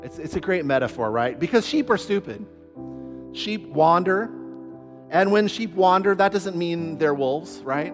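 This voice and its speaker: Male pastor, conversational sermon delivery, slightly high pitch, reverberant hall with music bed. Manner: earnest, conversational preaching with many fillers and restarts.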